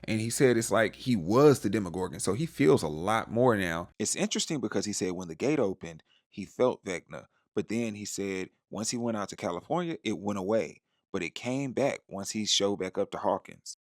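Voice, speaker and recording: Brief: young male recap host, lively slangy storyteller, slightly low voice. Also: moderate pace, few pauses. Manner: animated storyteller, acts out characters' lines with playful slang. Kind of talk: casual TV recap commentary.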